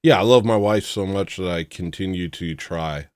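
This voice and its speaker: Male streamer host, low voice, dry close mic, self-mocking rambling banter. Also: moderate pace, no room sound. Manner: rambling, self-mocking jokes, greets chatters by name. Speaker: livestream host. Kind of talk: casual livestream chat.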